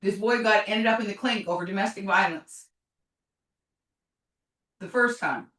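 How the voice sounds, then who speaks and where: A middle-aged woman tells her story as a mother, blunt and forceful, cursing and circling back on her words. Her voice is bright and sharp, on the high side for a woman. It comes from some distance in an echoey room. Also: animated, moderate pace. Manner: blunt and forceful, swears, repeats herself. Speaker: mother of a recovering addict. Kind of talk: emotional personal testimony.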